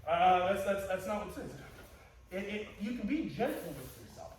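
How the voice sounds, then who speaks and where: A man's voice: high voice, expressive, normal speed, a little hiss or hum. A man teaching a martial arts class, playful and joking, often restarting his sentences. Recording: echoey hall, distant mic.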